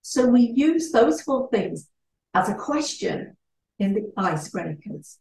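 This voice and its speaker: Animated woman in an echoey room. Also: a little high, slow pace, creaky. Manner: animated, acts out little dialogues. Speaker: networking trainer. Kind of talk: presentation talk. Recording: echoey room, distant mic.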